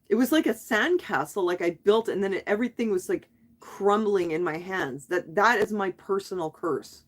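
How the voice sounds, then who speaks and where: A middle-aged woman talking on a live stream, venting her frustration in a rambling way, with restarts and trailing sentences. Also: medium pitch. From Canada. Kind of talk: casual live stream chat.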